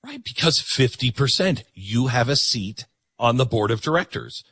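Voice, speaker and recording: A man's voice: medium pitch, lively intonation, moderate pace, a bit bright, slightly rough, no room sound. A middle-aged man hosting a talk show, delivering an opinionated political monologue and repeating words for emphasis.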